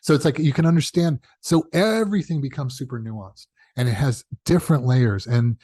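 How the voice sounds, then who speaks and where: A man talks in an easygoing interview, spinning stories with lively energy. He slips into quoted voices, corrects himself as he goes, and laughs at his own asides. His mid-pitched voice is caught dry and close to the mic, with no room sound. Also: moderate pace, slightly rough, dry recording. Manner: animated, acts out quoted dialogue with big pitch jumps. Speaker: guest, television showrunner. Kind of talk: casual interview storytelling.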